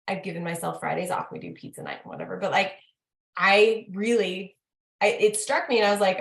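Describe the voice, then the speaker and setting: A woman hosting a casual talk, chatting in an animated way and quizzing herself with repeated questions. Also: medium pitch, fairly quick, gravelly. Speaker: host. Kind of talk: casual chat. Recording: roomy echo.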